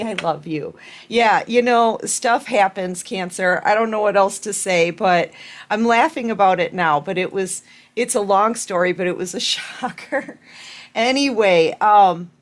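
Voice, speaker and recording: A woman doing a collective tarot reading, with a voice sitting at an ordinary middle pitch for a woman. She talks to her viewers in an affectionate, chatty way, rambling and circling back over her words as she lays out the cards. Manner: rambling with many fillers and repeats. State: out of breath. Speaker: tarot reader.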